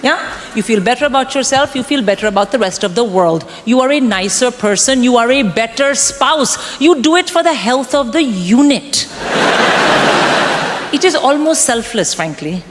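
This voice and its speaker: A woman in her forties performing a stand-up comedy set, delivering wry, deadpan punchlines to a crowd. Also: fairly high pitch, normal speed. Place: comedy club stage. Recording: live room with long reverb and background noise.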